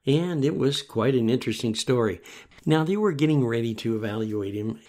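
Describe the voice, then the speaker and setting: A man's voice: medium pitch, darkish tone. A middle-aged man from the United States hosting a talk show, telling a story earnestly and asking rhetorical questions. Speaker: host. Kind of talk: solo talk show commentary.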